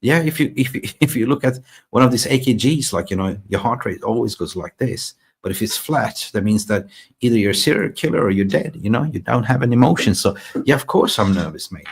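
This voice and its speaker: A man from Sweden hosting a fan live stream, chatting excitably and reading out viewer comments. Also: mid-range voice, fairly quick, creaky, husky. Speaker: fan channel host. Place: in Thailand.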